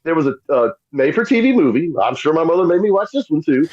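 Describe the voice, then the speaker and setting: Man telling stories, animated. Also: fairly high pitch, quick pace, lo-fi sound. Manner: animated, acts out quoted voices. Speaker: podcast guest. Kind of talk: casual storytelling.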